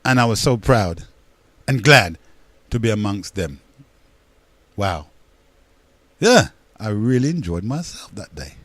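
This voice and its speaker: A man's voice: fairly low pitch, big pitch swings, slow, pauses often, fairly bright tone, dry recording. An older man, hosting a radio talk show in a rambling, emphatic monologue that repeats words and addresses listeners as brethren.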